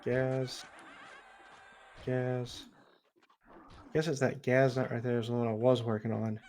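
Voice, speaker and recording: A man livestreaming an online game, chatting casually with a friend, relaxed and chuckling as he muses over how words are pronounced. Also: medium pitch, takes it slowly. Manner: laid-back, chuckling, muses on word pronunciation. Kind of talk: casual chat while gaming.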